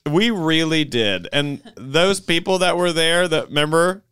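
A man's voice: a little high, unhurried, fairly bright tone, clear, resonant tone, no room sound, clean studio sound. A man co-hosting a comedy podcast, chatting playfully with lots of fillers and hesitations. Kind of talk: casual comedic chat.

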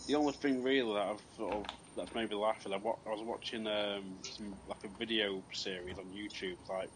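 A man on a podcast call, laughing through his own story and getting loud. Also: on the low side, steady tone, brisk, noisy background. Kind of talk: casual chat. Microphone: Skype call.

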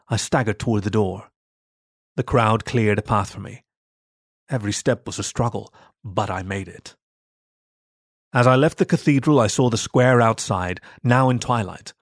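A man narrating a first-person story for a podcast in a measured, expressive storytelling voice. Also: mid-range voice, no echo, clean studio sound.

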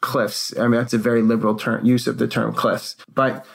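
Gravelly man telling a story casually. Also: medium pitch, brisk. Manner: animated, acts out quotes. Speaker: co-host.

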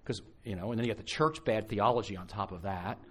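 A man's voice: on the low side, quick pace. A man, a pastor, giving a conversational sermon at a live conference, telling stories with frequent restarts. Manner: animated, storytelling with frequent restarts.

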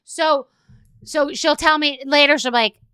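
A middle-aged woman telling a casual story in a chatty, animated way, loudly acting out the lines she quotes. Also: sits high, a little fast, no echo, clean studio sound.

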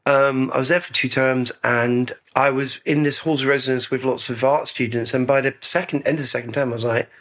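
Middle-aged man, interview guest, chatty storyteller, laughs easily, mid pitch. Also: fairly even intonation, fairly quick, hardly any pauses, fairly bright tone. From Scotland. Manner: chatty, self-deprecating, laughs often. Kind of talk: casual conversational storytelling.

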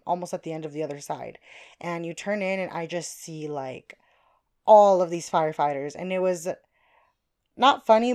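A woman's voice: fairly low pitch, darkish tone. A young woman vlogging, casually telling a story to her viewers, chatty and sweary with lots of fillers.

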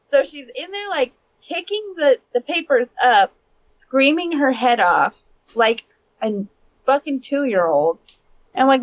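A woman's voice: on the high side, animated, moderate pace, muffled recording. A woman in her thirties, co-hosting a casual chat, telling candid parenting stories and swearing freely. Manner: candid storytelling, swears and laughs often. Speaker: podcast co-host.

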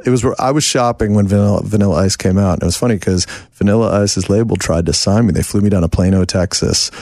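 A man's voice: fairly low pitch, fast, a little mellow, no echo, studio quality. A middle-aged man, a songwriter and producer, telling rambling, self-deprecating stories as a guest in a casual interview.

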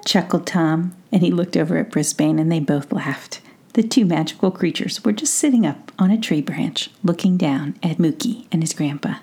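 Soft breathy woman telling a bedtime story. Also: fairly low pitch. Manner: soft, slow and breathy, often near a whisper. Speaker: storyteller and podcast host. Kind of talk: gentle bedtime story narration. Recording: faint guitar music behind.

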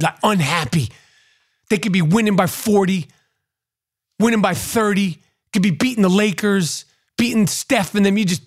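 A man with a high-pitched voice rants to camera at a moderate pace, a podcast host whose profane monologue turns crude and mocking. He repeats himself often.

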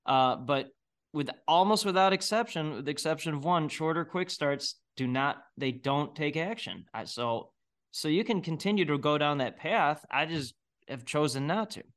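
A man's voice: a little high, lively intonation, moderate pace, a bit bright. Blunt, laughing middle-aged man. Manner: blunt, opinionated, laughs often. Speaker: guest entrepreneur. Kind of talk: casual interview talk.

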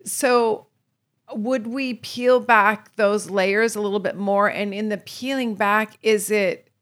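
A woman's voice: medium pitch, steady tone, slow, a bit bright. A woman hosting a podcast interview, candid and self-questioning as she talks with her guest. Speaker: podcast host.

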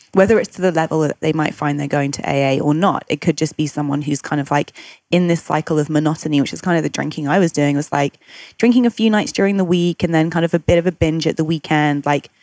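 A woman's voice: deep voice, a little mellow, no room sound. A woman hosting a conversational interview, reflective and asking questions aloud. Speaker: podcast host.

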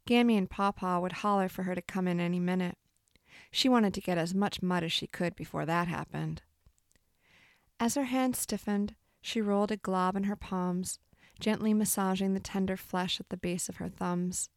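Calm woman narrating a literary story. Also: fairly low pitch, moderate pace, dry recording, studio quality. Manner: calm, even storytelling, with lightly voiced dialogue.

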